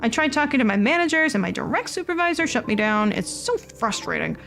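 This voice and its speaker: A woman's voice: high voice, big pitch swings, a little fast, creaky, fairly bright tone, exaggerated voice. A woman voicing an anxious, earnest young man who rambles as he pours out his worries. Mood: frustrated.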